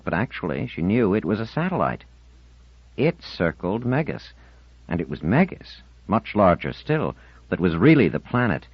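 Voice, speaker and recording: A deep-voiced man reads a novel aloud with a lively, expressive, rising-and-falling delivery. The sound is close and dry, and the recording is dull and lo-fi. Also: dry recording. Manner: expressive storytelling. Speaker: audiobook narrator. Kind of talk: scripted narration.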